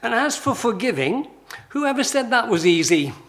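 A man's voice: extremely high pitch, sing-song, moderate pace, fairly bright tone. A man preaching a sermon in a conversational style, full of rhetorical questions and emphatic lists.

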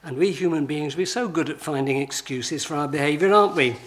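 A man's voice: a little high, a little fast, few pauses, fairly bright tone. A man preaching a sermon in a conversational style, full of rhetorical questions and emphatic lists.

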